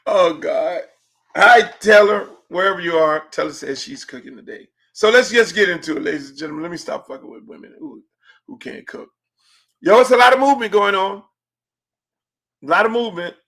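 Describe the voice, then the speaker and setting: Brash, profane man hosting a podcast. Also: gravelly. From Miami. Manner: brash, profane, swings from loud rants to low mutters. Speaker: podcast host. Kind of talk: opinionated sports talk.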